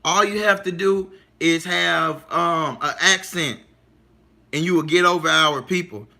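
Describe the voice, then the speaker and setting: A man's voice: fairly high pitch, unhurried, vocal fry, sharp tone. A man hosting a livestream, talking emphatically and repeating himself, often asking his listeners if they follow him. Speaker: livestream host. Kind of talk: casual livestream monologue.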